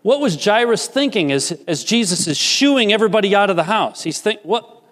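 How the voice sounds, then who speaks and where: A man delivers a sermon with a fairly high voice. He swings between rising, emphatic peaks and hushed, low asides. His voice rings with a long reverb from a church hall. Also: animated, a little fast. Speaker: pastor.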